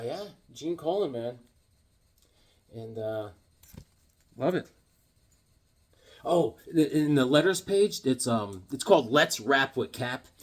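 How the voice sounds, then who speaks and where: Animated man showing off comics. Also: medium pitch. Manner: animated, cracks corny jokes, sudden yelps. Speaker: comic book vlogger. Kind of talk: casual show-and-tell chat.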